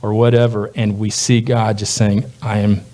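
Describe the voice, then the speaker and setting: A man preaching a sermon as a pastor, talking in a loose, conversational way and putting on quick voices for the people he quotes. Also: little pitch movement, dark tone. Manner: conversational, voices quoted speakers with jumps in pitch.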